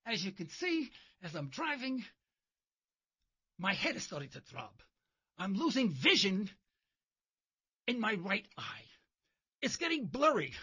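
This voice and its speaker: A man's voice: high-pitched, wildly swooping pitch, a little slow, pauses often, sharp tone, slightly rough, lo-fi sound. A man hosting a talk radio show, delivering a sarcastic, mocking monologue from his car while driving. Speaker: radio host.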